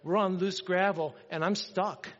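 A middle-aged man preaching a sermon, telling a story with animated energy and acting out the dialogue. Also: sits high, measured pace. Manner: animated, acts out dialogue in his stories. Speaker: pastor. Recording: dull sound with long hall reverb.

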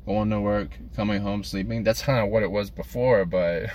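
A man's voice: fairly low pitch, steady tone, moderate pace, darkish tone, a little hiss or hum. A man delivering a crude, self-deprecating comedic monologue as a podcast host, rambling from one thought to the next.

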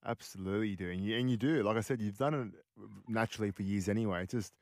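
A man's voice: fairly low pitch, no echo, clean studio sound. A man hosting an interview, encouraging and asking questions. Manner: supportive, quick affirmations. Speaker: podcast host. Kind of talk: casual interview.

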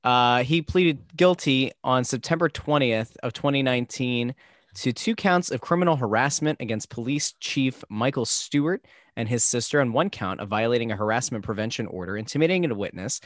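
A man co-hosting a casual podcast, playful and teasing, with a lively, swinging pitch. The sound is dry and close, with no room around it. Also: normal speed, no room sound. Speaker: podcast co-host.

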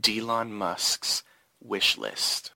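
A man's voice: lowish voice, fairly even intonation, extremely slow, vocal fry, sharp tone, dry recording. A man hosting an interview podcast, asking upbeat, playful questions. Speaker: podcast host.

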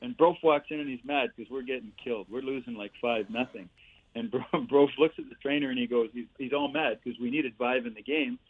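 An older man, a former hockey player and coach, telling lively stories as a podcast guest over a remote line. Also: mid-range voice, a little fast, breathy edge. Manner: lively storyteller, chuckles through punchlines. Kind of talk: casual anecdote-telling. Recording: tinny phone line, dry.

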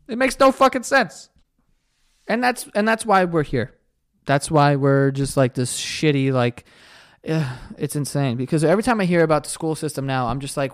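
A man's voice: on the high side, lively intonation, moderate pace, fairly bright tone, clear, resonant tone. A young man hosting a solo podcast, ranting in an exasperated, profane way. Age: young adult. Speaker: podcast host.

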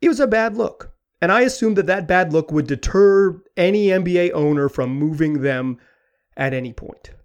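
A man hosting a sports talk podcast, talking in an animated, rambling way with frequent restarts. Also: high-pitched, normal speed, clean tone. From Pacific Northwest. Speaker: podcast host.

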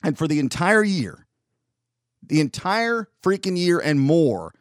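A man's voice: a little high, very animated, unhurried, no room sound, studio quality. A man, rambling through an opinionated casual monologue as a podcast host. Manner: rambling, opinionated, with frequent restarts.

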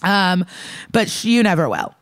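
A woman's voice: fairly low pitch, sing-song, moderate pace, no echo. Chatty, profane woman in a dry recording. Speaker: podcast co-host. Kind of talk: casual TV episode recap.

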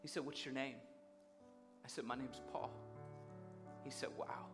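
A man's voice: mid-range voice, steady tone, measured pace. Brief: male preacher, vivid storyteller who acts out the dialogue, guitar music underneath. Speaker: guest speaker. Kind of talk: sermon storytelling.

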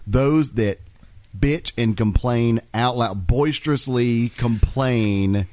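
A man's voice: medium pitch, slow pace, darkish tone, no echo. A man hosting a casual chat, rambling through stories and laughing often.

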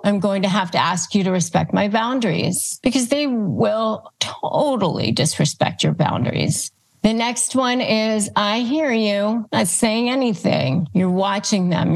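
A woman hosting an advice show, calmly teaching phrases and acting them out as examples. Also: mid-range voice, gravelly. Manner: calm, instructive, demonstrates phrases aloud. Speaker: host. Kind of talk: advice talk to camera.

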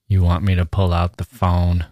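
Guy reading a slow dim sidekick, low flat voice. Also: dry recording, studio quality, lightly acted. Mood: vacant. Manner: slow, vacant. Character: dull-witted young man sidekick.

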